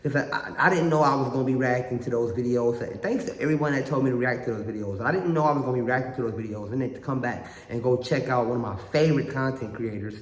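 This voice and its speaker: A man's voice: medium pitch, fast, hardly any pauses. A young adult man hosting a reaction channel, talking earnestly to his viewers in a rambling way and repeating himself often. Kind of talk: casual monologue to viewers. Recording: echoey room with long reverb.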